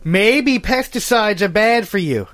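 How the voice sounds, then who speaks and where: A man co-hosting a casual podcast, quick with quips and laughing often. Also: high voice, animated, a bit bright. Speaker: podcast co-host. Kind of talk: casual chat.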